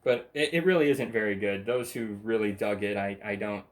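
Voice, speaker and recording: A man's voice: on the low side, a little fast. A man hosting his own channel, talking alone in a rambling, blunt, profane rant and laughing between points. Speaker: channel host. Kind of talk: rambling ranting monologue.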